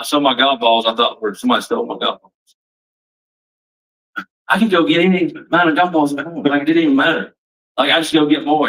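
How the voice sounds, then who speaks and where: A man's voice: mid-range voice, pushed and bright, distant mic, poor audio. A man giving a plain-spoken, emphatic personal testimony at a recovery meeting, repeating himself for weight.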